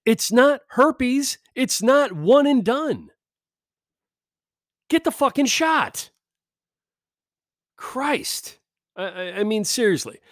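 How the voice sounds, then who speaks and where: A middle-aged man on a podcast, ranting sarcastically and swearing constantly, mocking people in high put-on voices. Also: no echo, clean studio sound. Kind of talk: profane comedic rant. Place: California.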